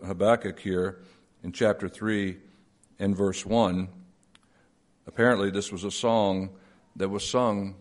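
A man preaching a sermon and praying, rising to emphatic peaks and dropping low and slow, chuckling at his own playful phrasing. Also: a little mellow. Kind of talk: sermon with closing prayer.

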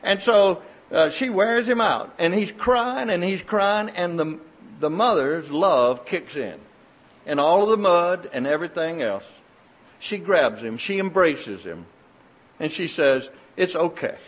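An older man preaching a sermon, telling folksy stories in an animated, emphatic way. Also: sits high, measured pace.

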